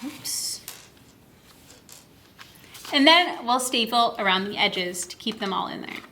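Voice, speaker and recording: A young woman, a children's librarian, explains reading games to parents in a cheerful way, sounding out words slowly and clearly while she demonstrates at a table. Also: on the high side, lively intonation, background noise. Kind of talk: instructional video for parents. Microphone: camera mic.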